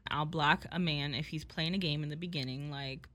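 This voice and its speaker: A young woman tells a story over casual podcast chat. Her voice sits a little low but has a sharp, bright edge. She talks in an animated, profane way, with "like" in almost every sentence. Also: moderate pace. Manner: animated, profane, filler-heavy with frequent "like".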